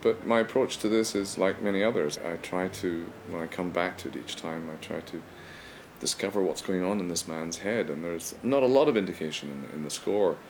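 A man speaking as a conductor in an interview clip, in a measured, reflective manner. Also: low voice, a little mellow, slight background noise, poor audio.

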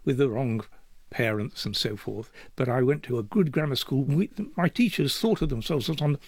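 Gravelly, husky older man, reflective. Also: mid-range voice, dry recording. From Yorkshire, England. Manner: thoughtful and measured, with occasional restarts. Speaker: interview guest. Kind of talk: reflective conversational interview.

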